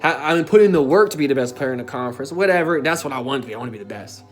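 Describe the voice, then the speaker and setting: Fast-talking young man telling his story. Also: medium pitch, animated, faint music behind. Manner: casual and emphatic, with frequent filler tags and swearing. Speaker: self-development coach. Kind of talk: personal storytelling monologue.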